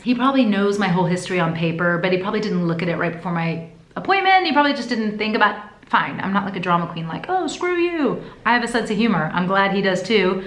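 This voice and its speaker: A woman talking to camera in a casual vlog, telling her story in a chatty, expressive way. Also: mid-range voice. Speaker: vlogger. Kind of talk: casual pregnancy update vlog. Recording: echoey room.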